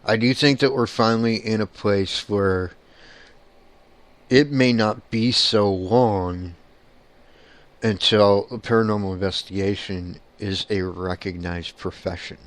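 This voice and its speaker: A man's voice: fairly low pitch, fairly even intonation, slow, no echo. A man who is a paranormal investigator, talking bluntly in a casual monologue and swearing casually.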